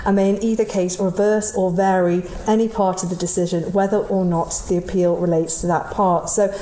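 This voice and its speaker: A woman puts a formal, pressing question in parliament. Her tone is mellow. The room has a roomy echo. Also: on the low side, little pitch movement, normal speed, a little hiss or hum. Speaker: member of parliament asking a question.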